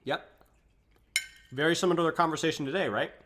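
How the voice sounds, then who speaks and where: A young man on the high side of pitch talks quickly, with a little hiss or hum in the audio, while coaching a video game on stream. He's relaxed, eating, and chatting casually as he answers viewers.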